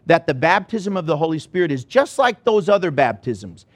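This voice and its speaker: A male pastor preaching a sermon, telling a story with animated, rising excitement. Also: fairly high pitch, moderate pace, no echo.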